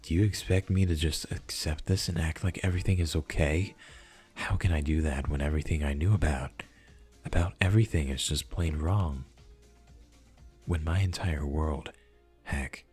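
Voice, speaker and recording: A man's voice: extremely low pitch, darkish tone, husky, exaggerated voice. A man voicing a betrayed, bitter young man. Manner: pleading, then bitter and sarcastic. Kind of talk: reading a visual novel aloud.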